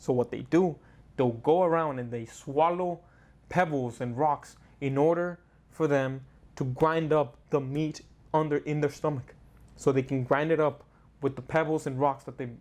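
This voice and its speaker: A man's voice: fairly high pitch, normal speed, a little mellow. A man hosting a casual explainer show, chatty and joking, often restarting his sentences. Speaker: host.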